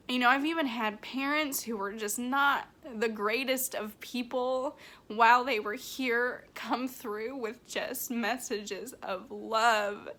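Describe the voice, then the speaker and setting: A woman working as a medium, talking emotionally in a vlog, close to tears, halting with many restarts and fillers. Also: a little high, fairly bright tone.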